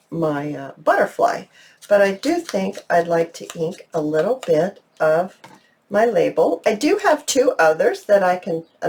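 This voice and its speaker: A woman's voice: medium pitch, a little mellow. A middle-aged woman hosting a casual craft tutorial, gushing with enthusiasm and talking straight to her viewers. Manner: gushing, enthusiastic, talks to viewers as "you guys". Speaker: crafting channel host.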